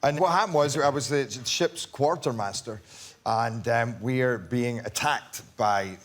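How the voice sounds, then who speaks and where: A man's voice: medium pitch, a little slow. A man who is an actor, telling a funny anecdote as a chat show guest and acting out the quotes. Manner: animated storyteller, acts out quotes.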